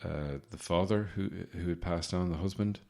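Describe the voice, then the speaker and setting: A man's voice: sits low, normal speed, dark tone. A man hosting a podcast, giving a comedic monologue in a sardonic, rambling way with swearing. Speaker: podcast host.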